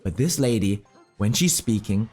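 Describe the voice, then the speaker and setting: A young man commenting on his own gameplay while telling a rambling story. He is excitable, swears freely, talks in slang and mutters about his moves as he plays. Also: fairly low pitch, normal speed, breathy edge, soft background music. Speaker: gaming commentator. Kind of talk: casual storytelling over live gameplay.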